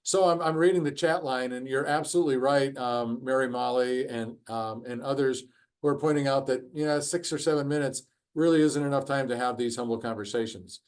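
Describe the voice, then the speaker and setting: A man's voice: mid-range voice, brisk, a little mellow. A man facilitating an online workshop discussion over a video call, conversational, with frequent ums and uhs. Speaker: course facilitator.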